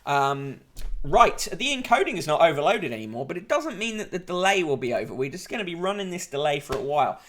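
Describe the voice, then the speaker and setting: Guy reading out the papers on a stream, bit high-pitched, dry jokes, lots of ums, faint hiss behind. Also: sing-song, a little fast, fairly bright tone. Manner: reads headlines aloud with dry asides and many ums. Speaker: host reviewing newspapers. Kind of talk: casual livestream newspaper review.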